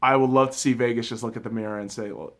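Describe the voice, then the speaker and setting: A young man hosting his own hockey review, ranting with lots of swearing and swinging between shouted outbursts and low muttering. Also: fairly even intonation, fast. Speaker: sports video host. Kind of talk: angry solo hockey game review.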